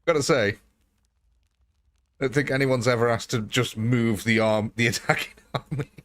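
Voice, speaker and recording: A man's voice: mid-range voice, steady tone, moderate pace, fairly bright tone. A man hosting a live game stream in a casual, chatty, jokey way, laughing often.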